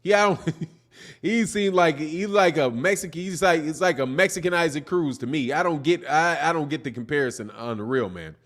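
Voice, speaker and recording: A young man with a somewhat high-pitched voice hosts a live boxing stream. He talks loosely and casually, rambles and restarts his sentences, and sprinkles "man" through nearly every thought as he answers viewer comments. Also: moderate pace, a bit bright. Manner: laid-back, rambling, peppers talk with "man".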